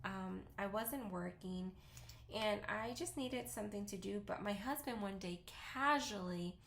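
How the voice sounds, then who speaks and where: With a fairly bright tone and medium pitch, a Spanish-accented woman in her thirties, a native Spanish speaker, rambles casually and unhurriedly while walking viewers through a makeup tutorial from home. This vlogger is chatty and pokes fun at herself. The sound, taken on her camera mic, has a roomy echo plus slight hiss or hum.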